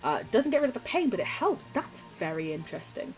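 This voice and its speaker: With soft music in the background, a young British streamer chats casually with viewers and reads their messages while she plays. Her medium-pitched voice is very animated and fairly quick, and she laughs often and swears freely.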